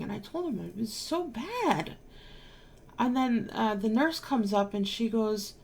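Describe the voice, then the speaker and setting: Woman, vlogger, casual storytelling, emphatic, exasperated, swears, mid pitch. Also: expressive, unhurried, gravelly, darkish tone, slightly rough. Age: adult, married.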